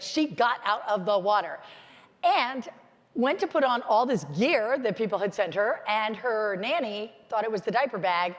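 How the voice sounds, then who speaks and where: American woman, middle-aged, animated storytelling, conference stage, echoing hall. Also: fairly high pitch. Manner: storytelling, animated, chatty with many "like"s. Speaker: keynote speaker. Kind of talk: motivational conference talk. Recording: hall reverb from a stage mic.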